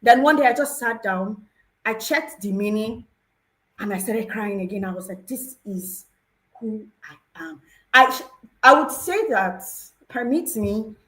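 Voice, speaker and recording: A woman's voice: a little high, animated, moderate pace, a bit bright, low-quality recording. A woman sharing a personal testimony on a panel talk show, earnest and emotional, telling her story with feeling. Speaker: program participant sharing testimony.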